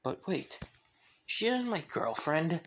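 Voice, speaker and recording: A man's voice: on the high side, sing-song, takes it slowly, a bit bright, a little hiss or hum, pitched above the performer's own voice, full character voice. A man voicing a male demon who gets defensive and stammers out his denials. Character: prickly male demon, easily rattled.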